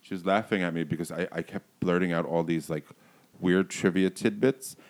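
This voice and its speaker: Deep-voiced dj guy rambling thru a story, lots of restarts. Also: normal speed. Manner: rambling, trails off, animated storytelling. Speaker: DJ guest. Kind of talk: casual chat.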